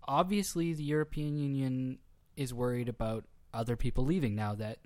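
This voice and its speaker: A man's voice: mid-range voice, fairly even intonation, normal speed, darkish tone. A Canadian man co-hosting a casual podcast chat, easygoing and hesitant, with many fillers and restarts. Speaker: podcast co-host.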